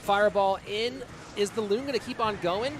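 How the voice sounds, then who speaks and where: This man in his thirties streams and casts a live online game, keeping things casual and chatty while reading out donations to his viewers. His voice is high, his speed normal, and the background is noisy.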